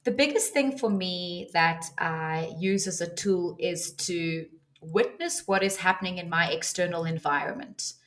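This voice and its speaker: A woman's voice: fairly low pitch, a little slow, a bit bright. A woman guest on a podcast, earnestly telling a personal story and giving advice, with many restarts. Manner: earnest, vivid retelling with restarts. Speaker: podcast guest, ceremony leader.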